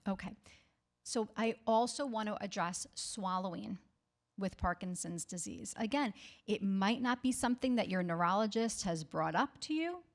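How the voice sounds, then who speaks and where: A woman's voice: mid-range voice, lively intonation, moderate pace. A woman speech therapist giving a health talk to the public, reassuring and often checking in with "okay?". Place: library talk.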